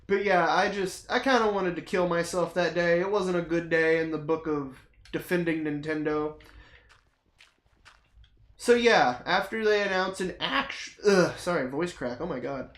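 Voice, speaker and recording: Profane, excitable streamer in an echoey room. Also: medium pitch, a little slow. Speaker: streamer chatting to viewers. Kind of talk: casual rambling chat while playing a game.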